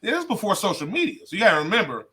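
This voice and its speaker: A middle-aged comedian from Detroit telling a story in a casual interview, laughing often and cursing freely. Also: male voice, high voice, big pitch swings, very fast, bright, forceful tone. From Detroit, USA. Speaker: comedian guest.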